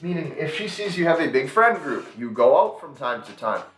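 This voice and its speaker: A man's voice: on the high side, very animated, brisk, a bit bright. A man giving direct dating advice in a lecturing tone, speaking straight to the listener. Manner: lecturing, addresses listener as you. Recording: echoey room in a played clip.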